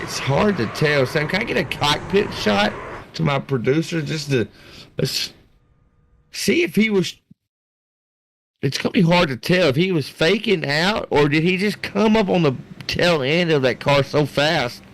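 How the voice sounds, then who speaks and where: A man doing live play-by-play commentary for a sim racing league, rambling and excitable, talking to his producer on air. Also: fairly high pitch, measured pace, vocal fry.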